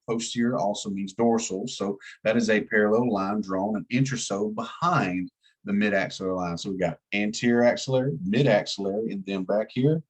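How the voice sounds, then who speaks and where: An EMT instructor with a slight Southern US twang teaches a class in a casual, folksy way, asking his students to follow along. His voice is fairly low and husky, and the audio quality is poor.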